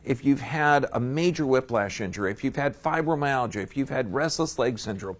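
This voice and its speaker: A man's voice: mid-range voice, lively intonation, fairly quick. A man giving a live seminar lecture, folksy and emphatic, often checking in with his audience. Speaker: seminar speaker.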